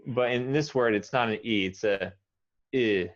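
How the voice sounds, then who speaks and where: An American man teaches English pronunciation one-on-one. He has a lowish voice and sounds each word out slowly and repeats it. The audio is a muffled video call. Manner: patient, models words slowly and repeats them.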